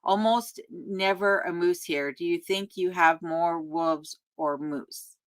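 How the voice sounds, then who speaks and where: A chatty woman hosts a live stream from her remote home, reading out viewer comments and answering them one by one. Her voice sits a little low, and she talks casually with plenty of ums and small laughs. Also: slow pace. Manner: chatty and friendly, laughs often, many ums. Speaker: YouTube host answering live chat.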